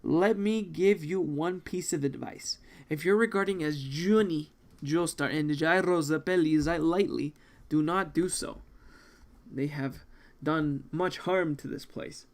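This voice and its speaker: A man voicing a calm, scheming president in a manga read-along, speaking slowly and commandingly. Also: on the high side. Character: calm scheming male president, cold and measured.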